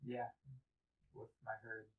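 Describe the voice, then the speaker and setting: A man playing a tabletop game, offhand and deadpan as he describes his character's absurd actions. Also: on the low side, takes it slowly, phone-quality sound. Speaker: player. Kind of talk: casual tabletop role-play.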